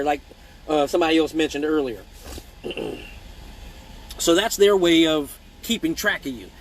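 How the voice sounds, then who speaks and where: A man's voice: a little high, a little slow, long pauses, a little hiss or hum, low-quality recording. Blunt, profane man on a live stream. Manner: blunt, profane, animated storytelling; reads viewer comments aloud. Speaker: male exotic dancer hosting a live Q&A. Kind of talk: casual live-stream chat.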